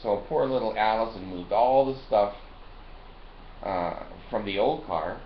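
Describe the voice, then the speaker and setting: A man's voice: lowish voice, a little slow. A man telling a rambling, profane story as a rant, laughing between lines. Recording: roomy lo-fi recording with faint noise.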